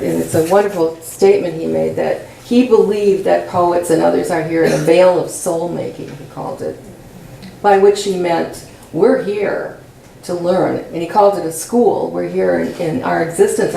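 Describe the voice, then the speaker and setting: A woman poet answers audience questions in a college room, slowly searching for the right words. Her voice is low, dark and gravelly, a bit hoarse as she loses it. It echoes off the room from a mic some distance away. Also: a little hiss or hum. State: losing her voice. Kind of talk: conversational Q&A after a reading.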